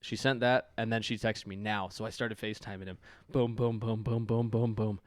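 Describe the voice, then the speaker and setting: A man's voice: on the low side, steady tone, moderate pace, no echo. A man casually telling a long prank story on a podcast, acting out the texts and calls he quotes. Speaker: podcast guest.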